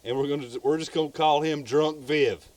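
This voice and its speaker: A man's voice: fairly high pitch, steady tone, fairly quick, a little mellow. A Southern man co-hosting a podcast, telling a true crime story in a loose, rambling way. He stumbles over repeated words and swears freely.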